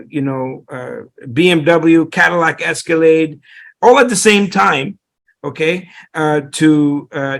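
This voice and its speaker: A middle-aged man speaks as an interview guest, his voice gravelly and sitting a little high. He rambles through his story, restarting sentences and leaning on fillers as he goes. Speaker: real estate investor guest.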